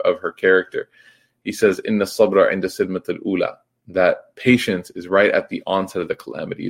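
A man's voice: lowish voice, creaky, slightly rough. A young man giving a reflective religious talk in a casual, conversational way, full of fillers and restarts. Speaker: Islamic teacher.

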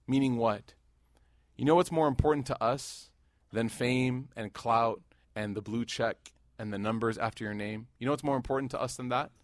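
Animated man in his thirties preaching. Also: medium pitch, no echo, clean studio sound. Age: 30s. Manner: animated, jokes and rises loud in anecdotes, hushed and earnest in devotion. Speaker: Muslim preacher. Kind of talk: sermon with storytelling.

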